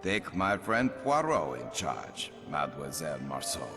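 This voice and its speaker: A bossy train company boss, super low voice, game music playing behind him. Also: male voice, very animated, a little slow, creaky, heavily acted. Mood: formal, stern. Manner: commanding, formal. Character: stern male train company director, imperious.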